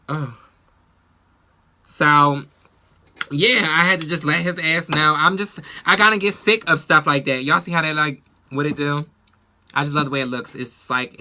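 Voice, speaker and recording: A woman's voice: lowish voice, pushed and bright. A woman beauty vlogger in a casual get-ready-with-me chat, talking bluntly and with a lot of profanity.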